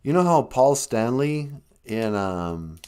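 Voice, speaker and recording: A man's voice: medium pitch, big pitch swings, takes it slowly, warm tone, clean tone. A man hosting a comedic live stream for kids, rambling and self-deprecating with plenty of ums and uhs. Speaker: host of a kids' language show.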